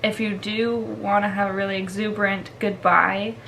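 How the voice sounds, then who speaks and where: A woman's voice: mid-range voice, little pitch movement, normal speed, vocal fry, fairly bright tone, slight background noise, poor audio. A woman who trains dogs explains the steps in a casual vlog, chatty and full of fillers. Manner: chatty, laughs often, filler-heavy. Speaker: dog trainer.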